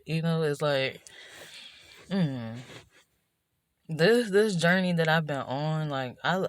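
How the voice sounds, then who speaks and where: This vlogger's low-pitched voice has a fairly bright tone as she works through her emotions, recorded indoors at night. It's a reflective monologue that meanders, with frequent restarts and repeated "you know".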